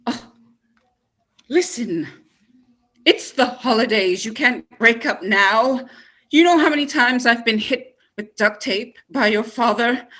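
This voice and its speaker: A woman's voice: fairly high pitch, slow, fairly bright tone. A woman playing a pious, bossy mother who scolds and preaches at her daughter in an improvised stage comedy. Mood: scolding.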